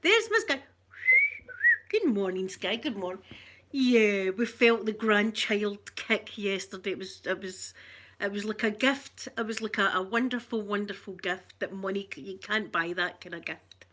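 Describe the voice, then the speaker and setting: An older Scottish woman chatting softly and affectionately in an ASMR vlog, rambling along and greeting viewers by name. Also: medium pitch, steady tone, normal speed. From Scotland. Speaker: ASMR vlogger.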